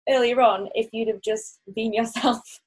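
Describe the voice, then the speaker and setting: A woman's voice: on the high side, steady tone, a little slow, breathy edge, rough recording. A woman chatting casually, asking questions and giggling often. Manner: giggly, asks questions lightly. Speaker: podcast co-host asking questions. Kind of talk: casual chat.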